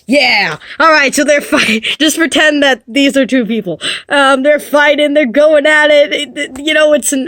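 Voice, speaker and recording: Playful, rambling woman narrating a story pitch; slightly high, dry and close. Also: a bit bright, no echo. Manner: rambling, playful and self-amused.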